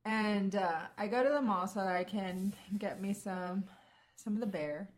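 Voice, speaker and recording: A woman's voice: mid-range voice, a little slow. A young adult woman in casual chat, telling a rambling story and laughing easily.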